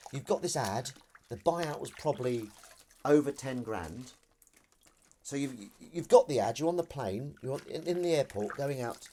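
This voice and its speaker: A man's voice: mid-range voice, a little mellow, a little hiss or hum. A man hosting a casual live stream from his kitchen while washing up, chatty and self-deprecating as he reads out viewer comments. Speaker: livestream host.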